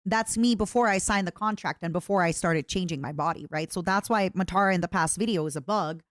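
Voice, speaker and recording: A woman streamer chatting casually with her viewers, rambling and animated, often restarting her sentences. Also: lowish voice, brisk, no echo, clean studio sound. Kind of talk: casual livestream chat.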